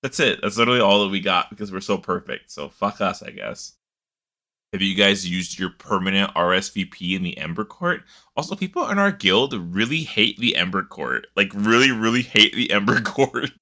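A man's voice: lowish voice, expressive, moderate pace, pushed and bright. A man co-hosting a casual gaming podcast, sarcastic and swearing freely. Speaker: podcast co-host.

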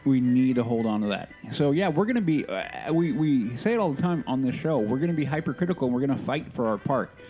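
Male co-host with a warm, dark voice, fervent and repetitive in argument, soft music underneath. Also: mid-range voice, animated, quick pace, hardly any pauses. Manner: passionate, emphatic, repeats himself. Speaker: podcast co-host. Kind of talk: casual chat.

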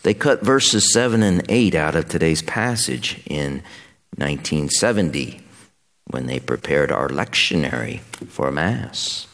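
A man with an extremely low, gravelly voice reads scripture and preaches a homily as a pastor. His delivery is measured and solemn. The sound carries a long reverb like a church hall. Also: animated, fairly bright tone.

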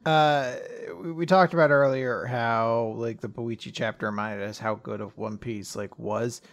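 A man's voice: medium pitch, fairly even intonation, measured pace. A man co-hosting a podcast, chatting enthusiastically and rambling with fillers. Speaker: podcast co-host. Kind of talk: casual chat.

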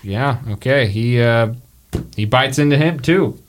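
A man's voice: medium pitch, a little slow, a little hiss or hum. A man narrating a tabletop game as game master, joking and full of fillers.

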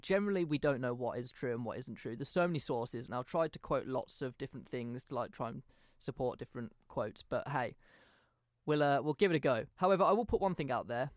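A man's voice: mid-range voice, brisk, no room sound, clean studio sound. A man co-hosting a podcast in casual chat, wry and laid back, with the odd mild swear. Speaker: podcast co-host presenting the episode.

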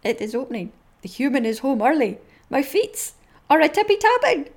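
A Scottish woman voicing an earnest, affectionate pet dog in a slow, deadpan read with long pauses. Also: a little high, close to an everyday voice. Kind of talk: reading funny dog posts aloud.

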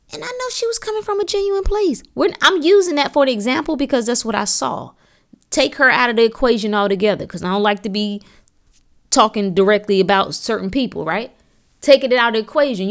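A woman's voice: a little high, fast. A woman hosting a podcast, giving a blunt, preachy, profane motivational monologue that climbs to fervent emphasis. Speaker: podcast host.

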